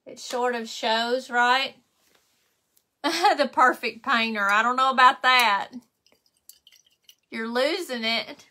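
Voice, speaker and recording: High, bright woman chatting slowly. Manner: chatty, thanks viewers by name, laughs often. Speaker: craft livestream host. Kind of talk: casual live chat while painting.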